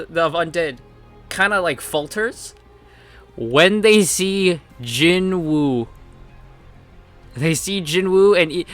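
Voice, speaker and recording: A young man walks through comic chapters in a loose, chatty recap, dropping fillers and bouncing his pitch to act out the characters. His voice sits a little high and sounds bright and forceful. Faint music plays underneath. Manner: animated retelling with frequent fillers, acting out quotes in different pitches. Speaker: manhwa reviewer.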